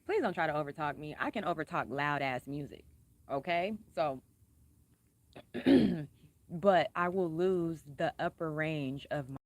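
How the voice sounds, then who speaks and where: A woman vlogging in a casual, blunt way, cussing freely and speaking pointedly with emphatic repetition, keeping her voice calm and unraised. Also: a little slow. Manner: says she is a singer who keeps her voice calm and low-key. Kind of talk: casual personal talk to camera.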